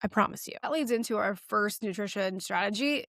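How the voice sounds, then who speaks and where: A woman's voice: mid-range voice, a little fast, vocal fry, a bit bright, dry recording, clean studio sound. A woman in her thirties, a fitness coach host, talking straight to camera in a blunt, sassy way and swearing casually. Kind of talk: direct-to-camera coaching talk.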